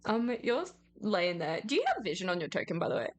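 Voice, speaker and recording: A woman's voice: medium pitch, big pitch swings, fairly quick. A woman narrating as game master, casual and laughing, often searching for words.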